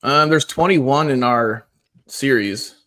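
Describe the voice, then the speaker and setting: A man talking as a guest on a podcast in casual banter, telling deadpan jokes with rambling asides. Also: medium pitch, slow pace.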